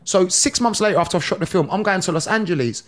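A middle-aged man, a podcast guest telling stories in a lively, slangy way with laughs between lines. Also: high voice, fast talker. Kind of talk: animated storytelling.

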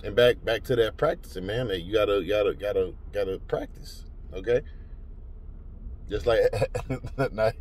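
A man's voice: lowish voice, moderate pace. A man preaching informally to camera, full of slang and stammering repetitions, with emphatic outbursts. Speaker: street preacher. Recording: outdoors from a distance with loud traffic noise.

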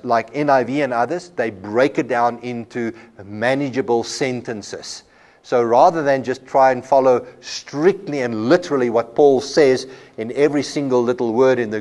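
A man's voice: medium pitch, darkish tone. A man giving a classroom lecture at a Bible college, explaining with everyday examples and often repeating a word as he restarts. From South Africa.

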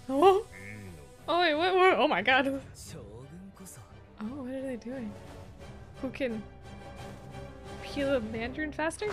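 A woman hosting an anime reaction video, chatting casually and breaking into gasps, laughs and loud exclamations. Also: high-pitched. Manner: excitable, gasping, laughing and exclaiming often. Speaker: anime reaction channel host.

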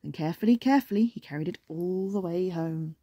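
A woman's voice: lowish voice, fast, mellow, husky, no room sound, clean studio sound. Sex: woman. Style: cheerful bedtime story reading.

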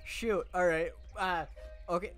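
A man's voice: fairly high pitch, lively intonation, slow pace, a bit bright, soft background music. A young man hosting a gameplay video, rambling and mocking himself with lots of fillers. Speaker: gaming video host. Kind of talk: casual gameplay commentary.

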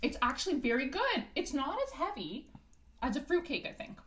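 A woman's voice: high-pitched, sing-song, normal speed, a crowd in the background. A young woman from Canada co-hosting a snack tasting video in a playful, exclaiming casual chat. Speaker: co-host of a snack tasting channel.

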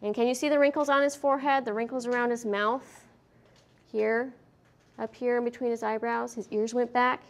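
A woman giving a veterinary behavior lecture at a conference, lively and questioning the audience, acting out what the dogs feel. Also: fairly high pitch, normal speed. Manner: lively, asks the audience questions, acts out dogs' thoughts. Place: conference hall.

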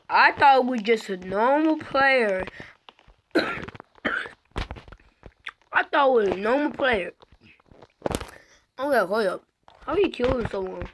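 A woman playing an online game, slightly hoarse from being sick, excitedly calling out what happens on screen. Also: fairly high pitch, noisy background. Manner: excitable, shouting out reactions to the game. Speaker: gamer.

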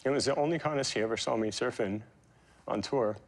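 A man in his forties, a guest in an interview, telling personal stories in a halting, emotional way with many fillers and restarts. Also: medium pitch, vocal fry. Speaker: interview guest, pro surfer. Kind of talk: reflective interview storytelling.

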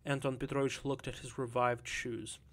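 A man's voice: medium pitch, little pitch movement, moderate pace. Man reading a literary audiobook. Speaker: audiobook narrator. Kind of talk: scripted literary narration.

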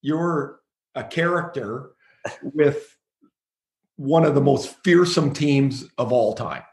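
A man's voice: medium pitch, slow, gravelly, darkish tone. Male podcast host in a roomy echo. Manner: leads the guest with questions. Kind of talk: casual podcast interview.

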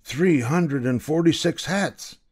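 A man's voice: a little high, takes it slowly, darkish tone, pitched above the performer's own voice. A man voicing a weary, fussy old royal scribe in a storybook reading, counting in a tired, plodding way.

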